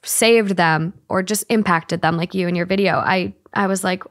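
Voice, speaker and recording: A woman's voice: medium pitch, normal speed, a bit bright. Earnest emotional woman podcast guest. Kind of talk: casual interview.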